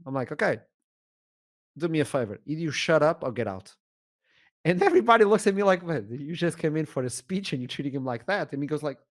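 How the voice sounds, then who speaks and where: A man with a Portuguese accent, an esports shoutcaster telling a story as a podcast guest, animated and acting out the dialogue. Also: on the high side, fast. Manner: animated, acts out dialogue, laughs often.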